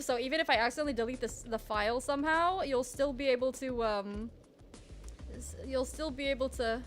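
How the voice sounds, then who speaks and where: A woman's voice: high-pitched, fairly bright tone. A woman streamer chatting casually while she draws, self-mocking and full of trailing restarts. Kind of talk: casual live-stream chat while drawing.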